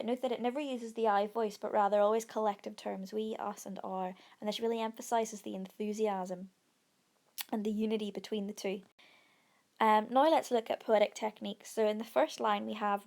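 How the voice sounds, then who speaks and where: A woman teaching a lesson analysing a poem, explaining step by step with frequent pauses and fillers. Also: mid-range voice, creaky. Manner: explanatory, with frequent ums and restarts. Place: recorded over an iPad whiteboard presentation.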